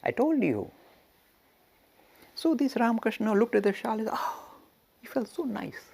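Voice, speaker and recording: A man teaching through a story, his voice gravelly and a little husky. He talks with plenty of rise and fall, chuckles often and asks rhetorical questions along the way. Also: sits high, very animated, a little slow, darkish tone. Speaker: religious teacher. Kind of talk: storytelling lecture.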